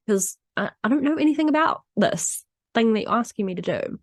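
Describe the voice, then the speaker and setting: A woman's voice: medium pitch, expressive, moderate pace, dry recording. A woman hosting a solo podcast, talking candidly in a chatty way, often laughing and acting out what people said. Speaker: podcast host.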